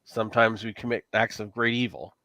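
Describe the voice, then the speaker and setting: A cryptic talking cat that guides travellers through a dream world, as a game master voices it. It speaks in calm, solemn pronouncements, with a bright, forceful tone and a dry close sound. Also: male voice, fairly low pitch, a little fast, dry recording.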